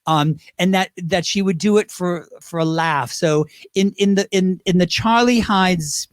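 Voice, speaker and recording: A man with a high voice chats as a talk-show guest, lively and full of asides and restarts. He is close on the mic in a dry room. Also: unhurried, no echo. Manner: chatty, animated, lots of restarts and asides. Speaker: guest, drag performer. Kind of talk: casual interview chat.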